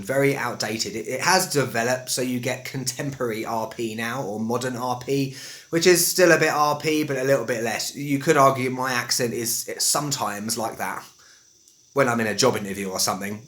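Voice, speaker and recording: Man, West London accent, English teacher, chatty video lesson, bright and forceful tone, jokey. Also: mid-range voice. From England. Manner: chatty and animated, jokey asides.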